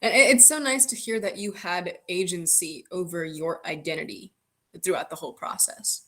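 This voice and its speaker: A woman's voice: fairly low pitch, moderate pace, a bit bright. A woman hosting an interview, asking questions and giving short supportive replies. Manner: brief supportive backchannels. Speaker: podcast host.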